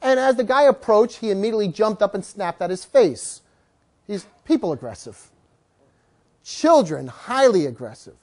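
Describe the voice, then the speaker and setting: A man teaching a dog-training class, telling stories with lively, acted-out voices. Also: sits high, moderate pace. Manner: animated, acts out quoted voices. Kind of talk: storytelling lecture to a class.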